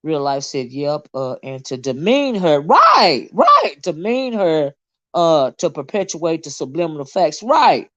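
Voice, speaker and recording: Here the livestream host speaks in a low, unhurried voice as she reads her chat aloud and launches into indignant, expletive-filled rants. She stays animated throughout; the audio is free of room sound but has its high frequencies cut off.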